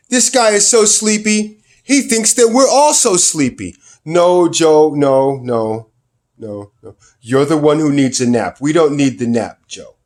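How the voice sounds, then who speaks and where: A man's emphatic, sarcastic political commentary fills this vlog, with his loudness and pitch rising and falling dramatically.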